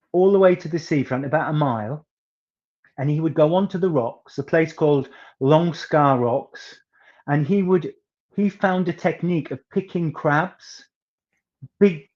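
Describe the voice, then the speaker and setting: Man, soft northeast English accent, fairly high voice, chatty storyteller, theatrical emphasis, muffled lo-fi audio. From northeast England. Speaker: singer guest.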